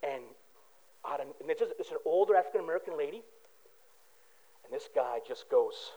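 A man's voice: fairly high pitch, animated, brisk, pauses often, warm tone, highs cut off. A man, a pastor, giving a conversational sermon full of everyday stories and asides to the congregation. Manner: casual storytelling with asides to the congregation.

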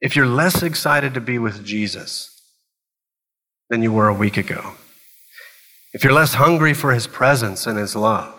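A man preaching in a church with a bright, forceful voice, pressing his points in short repeated phrases. His words ring out with a long reverb that trails through the sanctuary. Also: medium pitch, measured pace, long pauses. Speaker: pastor. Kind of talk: sermon.

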